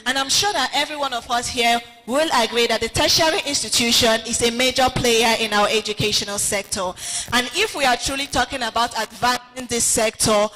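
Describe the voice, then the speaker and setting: A woman's voice: a little high, bright, forceful tone. A woman hosting a conference, leading affirmations and introducing speakers with rousing energy. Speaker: event host. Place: large conference hall. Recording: echoey hall with faint music.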